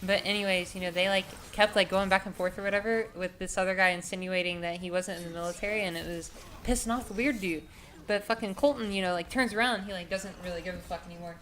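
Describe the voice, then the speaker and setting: A woman's voice: medium pitch, steady tone, fast, a bit bright, slight background noise. A young adult woman telling a story casually, rambling and profane, with many filler words. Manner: rambling, profane, heavy with "like" and "you know".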